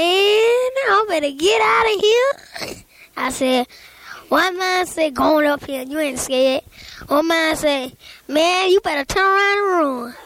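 A child telling a rambling spooky story aloud, full of sound effects and little laughs. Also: female voice, high-pitched, a bit bright.

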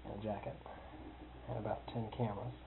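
A man's voice: lowish voice, flat delivery, a little fast. A man telling a long personal anecdote in a rambling, amused way, chuckling as he goes. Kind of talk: personal storytelling. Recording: tinny phone-like with hiss.

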